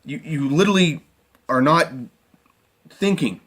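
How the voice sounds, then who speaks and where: A man's voice: a little high, measured pace, fairly bright tone. A man reviewing a football game in an emotional, exasperated rant, often repeating himself. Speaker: sports fan commentator.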